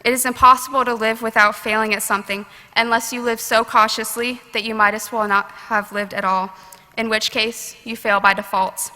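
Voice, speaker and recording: A teenage girl delivers a heartfelt prepared graduation speech, her voice bright and slightly high. She speaks at a podium microphone. The sound rings with the long reverb of a large ceremony hall. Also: level tone, normal speed. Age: late teens.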